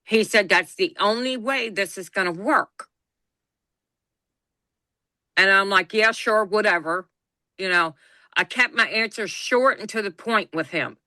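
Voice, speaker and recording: A middle-aged woman co-hosting a podcast tells a personal story with animation, acting out quoted lines as she goes. She speaks at medium pitch, unhurried, pausing often, and there's no echo.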